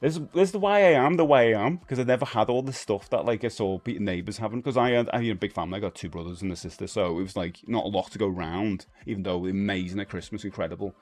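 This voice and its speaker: A man's voice: lowish voice, fast talker, hardly any pauses, darkish tone. A man in his forties with a Cockney London accent, hosting a live stream in a casual, rambling chat with lots of fillers and restarts. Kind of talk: casual chat, reading viewer comments.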